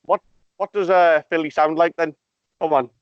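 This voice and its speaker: A man's voice: on the high side, steady tone, normal speed, clear, resonant tone. Easygoing man on a dull-sounding line. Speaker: podcast co-host. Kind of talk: casual chat.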